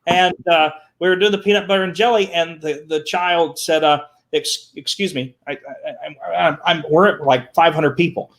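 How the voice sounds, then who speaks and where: A man telling animated stories as a guest on a talk show, repeating words and acting out the people he quotes. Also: a little high, normal speed, few pauses. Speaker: guest, children's entertainer. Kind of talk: animated storytelling.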